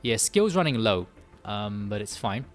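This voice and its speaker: A man's voice: fairly low pitch, sing-song, a little slow, faint music behind. A man streaming a mobile game live, thinking aloud as he manages his characters and often correcting himself. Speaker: gaming streamer. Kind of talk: casual live-stream commentary while playing.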